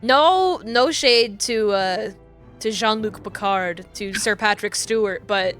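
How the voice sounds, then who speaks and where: A woman's voice: medium pitch, slow pace, fairly bright tone, soft background music. A young adult woman streamer chatting casually and rambling with many fillers while playing a game. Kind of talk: casual chat while gaming.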